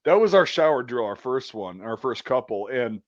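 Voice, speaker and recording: A man's voice: mid-range voice, expressive, moderate pace, muffled recording. A man in his thirties hosting a crude casual talk show, telling profane stories and laughing often. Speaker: podcast host.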